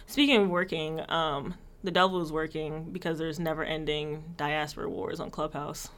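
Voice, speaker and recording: A woman co-hosting a podcast, chatting casually with blunt, animated storytelling. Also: low-pitched, normal speed. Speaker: podcast co-host. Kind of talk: casual chat.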